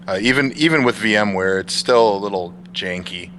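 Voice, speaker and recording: A man's voice: fairly low pitch, normal speed, pushed and bright, slight background noise. A man appearing as a guest on a tech livestream, giving laid-back, offhand opinions. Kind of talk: casual tech livestream chat.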